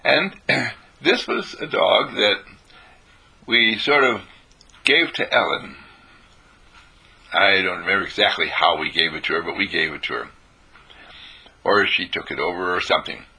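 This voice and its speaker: Gravelly, raspy man telling gentle stories. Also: sits low, animated, measured pace, pauses often. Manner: storytelling, repeats phrases for emphasis, clears throat often. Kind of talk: informal spiritual talk.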